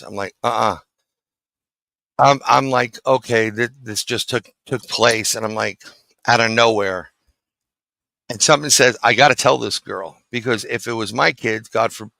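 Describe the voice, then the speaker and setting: A man's voice: mid-range voice, creaky, pushed and bright, no room sound, poor audio. A middle-aged man from New City, telling a story as a guest in a casual interview and acting out the dialogue. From New York City.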